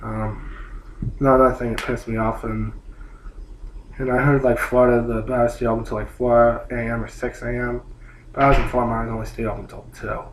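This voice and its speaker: A vlogger rants in a flat, medium-pitched voice at a moderate pace, telling a casual story about something that annoyed him. He complains, swears, and rambles with lots of "like"s. The room gives a roomy echo, and there's a faint hum.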